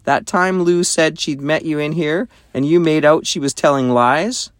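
A man's voice: on the high side, normal speed, dry recording, studio quality, voice pushed up, close to an everyday voice. A man voicing an eager, hearty, slightly bossy eldest schoolboy in a storybook reading.

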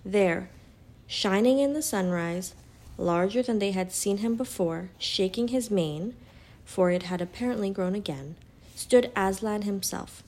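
A woman reading a children's storybook aloud in a calm, even narrating voice. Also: medium pitch, unhurried.

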